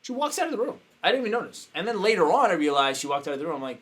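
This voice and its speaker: Animated storytelling coach, man. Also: racing, hardly any pauses. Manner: animated, acts out quotes with sudden pitch jumps. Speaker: business coach. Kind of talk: casual storytelling.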